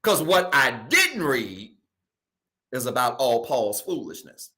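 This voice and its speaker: A male pastor preaching a sermon in a casual, colloquial way, repeating key phrases and swinging from loud emphasis to soft asides. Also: medium pitch, very animated, takes it slowly.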